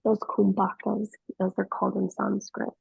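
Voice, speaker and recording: A woman yoga teacher guiding a class, giving slow, soothing cues paced to the breath. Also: medium pitch, monotone, creaky, darkish tone, breathy edge, dry recording, soft background music, poor audio. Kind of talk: guided yoga class instruction.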